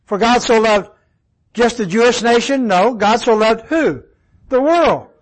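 A man's voice: very high voice, lively intonation, unhurried, low-quality recording. A man teaching a Bible study, quizzing his listeners with questions and repeating key words for emphasis.

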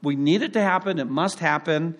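A male pastor delivers his sermon as relaxed, humorous storytelling, leaning on his own anecdotes. His voice sits somewhat high for a man, and the delivery stays conversational rather than formal. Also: a little fast. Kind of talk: sermon with personal stories. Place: church.

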